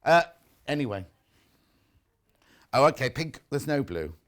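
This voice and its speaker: A man's voice: mid-range voice, very animated, a little slow, fairly bright tone. A British man presenting a live shopping show in a windowless studio, chatting and reading out viewer messages.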